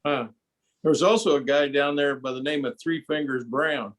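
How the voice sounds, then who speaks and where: A man chatting casually at a club meeting, halting as he tries to recall details. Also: mid-range voice. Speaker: club member. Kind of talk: casual chat.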